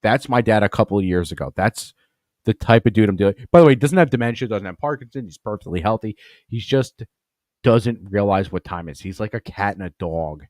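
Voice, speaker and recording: A man's voice: on the low side, lively intonation, fast talker, a little mellow, dry recording, clean studio sound. Profane rambling Long Island man. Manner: profane, rambling, swears a lot. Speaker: podcast host. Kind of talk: crude comedic storytelling.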